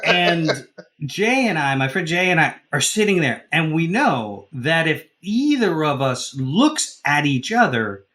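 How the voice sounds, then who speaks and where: A man from the Deep South telling a story on a podcast, rambling with many fillers and restarts. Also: sing-song, unhurried, sharp tone. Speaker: podcast co-host. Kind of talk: casual storytelling.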